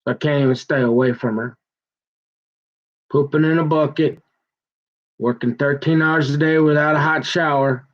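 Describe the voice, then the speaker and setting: A man's voice: on the high side, fairly even intonation. Aggrieved rambling man, muffled lo-fi sound. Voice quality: aggrieved, halting, full of restarts and stumbles. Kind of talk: rambling personal monologue. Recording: dull muffled lo-fi recording.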